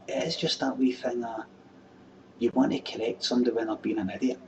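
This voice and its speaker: A man's voice: mid-range voice, fast talker. A Scottish man in his thirties hosting a webcam show, answering viewer questions in a blunt, sweary, exasperated rant. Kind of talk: casual ranting chat. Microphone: webcam mic. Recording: distant webcam mic with faint room noise.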